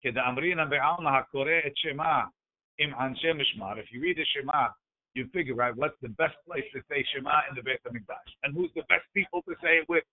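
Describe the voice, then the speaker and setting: A man leading a Talmud class, reading each Aramaic phrase and then explaining it in English, checking in with a quick "right?" along the way. His voice sits a little higher than most men's. The sound is thin and tinny, like a phone line. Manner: talks through the text with frequent "right?" checks. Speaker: Talmud teacher.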